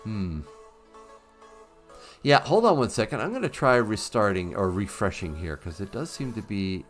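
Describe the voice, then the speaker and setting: A man's voice: fairly low pitch, sing-song, normal speed, soft background music. A man hosting a casual livestream, chatting with viewers in an upbeat, easygoing way. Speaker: livestream host.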